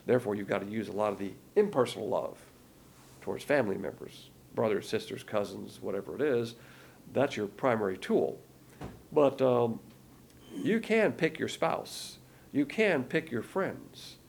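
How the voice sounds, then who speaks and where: A man's voice: lowish voice, expressive, moderate pace, vocal fry, a little hiss or hum. A man giving an emphatic Bible lesson in sermon style, often repeating key words and stopping to restart his sentences. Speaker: Bible teacher.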